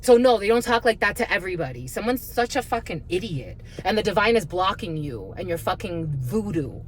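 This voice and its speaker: A woman's voice: medium pitch, expressive, a little fast, a little hiss or hum. A woman giving a spiritual card reading in a blunt, profane, heated rant. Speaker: tarot reader.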